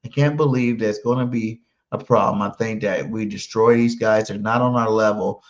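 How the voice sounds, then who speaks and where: A man's voice: on the low side, steady tone, normal speed. Hyped-up man, lo-fi audio. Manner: brash, emphatic, repeats his promises. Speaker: podcast host. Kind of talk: hyped live pregame stream, reading chat. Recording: muffled lo-fi stream audio.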